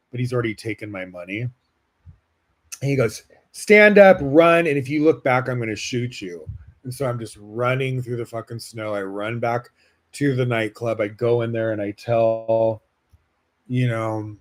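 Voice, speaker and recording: Man from Las Vegas, podcast host, mid-pitched voice, chatty and frank, fillers throughout. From Las Vegas, United States. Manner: casual, heavy use of "like" fillers, frank and animated. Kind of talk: personal storytelling.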